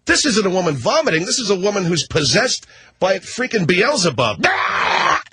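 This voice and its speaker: A middle-aged man telling a story on the radio in an animated, slangy way. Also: high voice, fairly quick, husky, dry recording. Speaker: radio host. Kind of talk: storytelling monologue.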